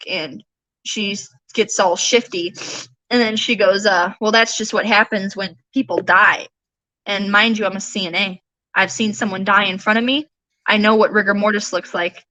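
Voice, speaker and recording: A woman in early adulthood gives a personal account in a podcast conversation, acting out what others said to her. Her voice is bright and forward. The recording is dry and close. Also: mid-range voice, no room sound, low-quality recording. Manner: earnest, retelling events with quoted dialogue. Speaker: guest, bereaved mother.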